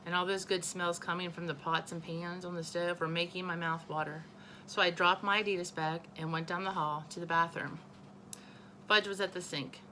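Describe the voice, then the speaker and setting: Bright-voiced woman reading a storybook aloud. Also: lowish voice, normal speed, slight background noise, poor audio. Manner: expressive, with small slips she corrects. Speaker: teacher. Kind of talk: reading a children's novel aloud.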